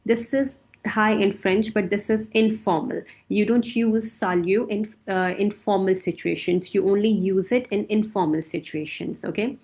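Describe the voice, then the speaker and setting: A woman teaching a beginner French lesson, speaking slowly and patiently and repeating each word for her students to drill. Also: mid-range voice, fairly even intonation, darkish tone.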